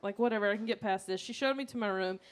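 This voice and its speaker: A woman with a Southern US accent doing a stand-up comedy set, telling stories with loud acted-out outbursts into a handheld mic on a stage. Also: medium pitch, racing. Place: comedy stage before a live audience.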